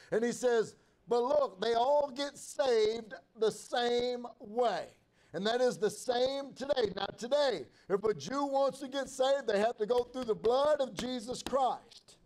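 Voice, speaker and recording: High-voiced male pastor preaching folksy. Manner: folksy preaching with frequent fillers and restarts. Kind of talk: sermon. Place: church sanctuary.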